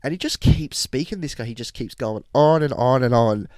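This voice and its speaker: A young man hosts a casual podcast, spinning a story with lots of slang and laughter. His voice sits at a middle pitch. The sound is close and dry. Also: no echo. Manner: animated, slangy, quick to laugh. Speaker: podcast host.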